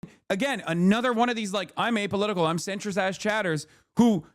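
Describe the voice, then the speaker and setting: This is a man with a fairly high-pitched voice who is in the middle of a livestream commentary. He rants hotly and swears freely while he answers and argues with his chat. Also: a little fast. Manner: heated, profane ranting. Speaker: streamer.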